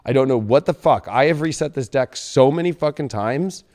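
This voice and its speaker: A man's voice: mid-range voice, normal speed, darkish tone. A man giving a live tarot reading from a studio, blunt and rambling, swearing often. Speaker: tarot reader.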